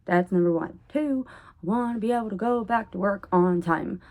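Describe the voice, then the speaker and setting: A woman rambling in a casual vlog monologue at home, oversharing and jumping between topics with sudden loud bursts. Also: medium pitch, normal speed. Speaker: vlogger.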